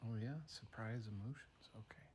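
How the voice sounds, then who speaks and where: A man improvising a playful story for a child, moving from hushed tones to excited bursts. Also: fairly low pitch, normal speed, a little hiss or hum.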